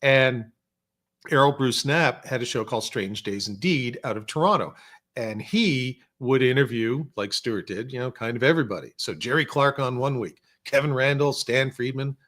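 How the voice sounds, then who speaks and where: Man telling lively anecdotes. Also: mid-range voice. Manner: animated anecdotes, puts on voices for quotes. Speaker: podcast guest, former researcher and filmmaker. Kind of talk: casual storytelling chat. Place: podcast studio.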